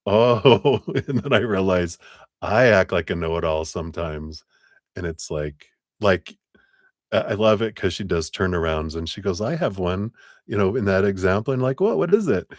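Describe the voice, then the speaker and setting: Man, very low voice, dry close sound, chatty tarot reader, laughs a lot. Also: dry recording. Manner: chatty, laughs often, acts out voices in quotes. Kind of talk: live tarot reading.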